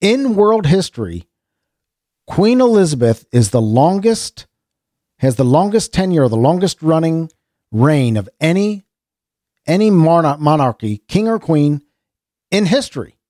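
A middle-aged American man hosts a chatty podcast, his voice sitting a little high and rising and falling a lot. He rambles, restarts his sentences and chuckles now and then, all in a dry, close sound. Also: sing-song, unhurried, long pauses, warm tone, no room sound. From United States. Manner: rambling, self-interrupting, chuckling. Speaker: podcast host. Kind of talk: casual chat.

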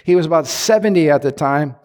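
A man preaching a sermon in a church, telling a story with lively acted-out quotes. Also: a little high, brisk, big-room sound. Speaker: pastor. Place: church sanctuary.

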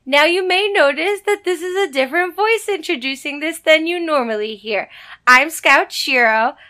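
A woman's voice: sits high, moderate pace, bright, forceful tone. A woman costume designer guesting on a podcast, chatting in a playful, slightly apologetic way. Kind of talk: casual podcast chat.

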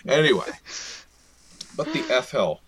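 A man's voice: mid-range voice, measured pace, crowd noise. Laughing man co-hosting a podcast. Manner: laughs often, animated. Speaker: podcast co-host. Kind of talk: casual chat.

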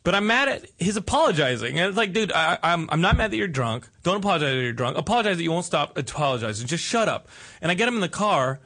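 Bright, lively male podcast host. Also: a little high, fast talker. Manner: rambling, animated storytelling with frequent "like". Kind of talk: casual podcast chat.

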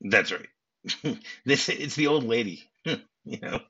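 A man's voice: mid-range voice, lively intonation, slow, bright, forceful tone, breathy edge. A man hosting a podcast, discussing a film in a casual way, chuckling often and restarting his sentences. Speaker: podcast host. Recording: dull lo-fi audio.

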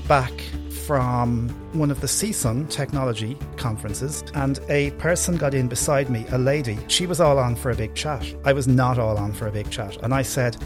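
A man's voice: medium pitch, normal speed, few pauses, over music. An Irish man co-hosting a podcast, telling a joking story in casual chat. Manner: lively storyteller, jokey. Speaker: podcast co-host.

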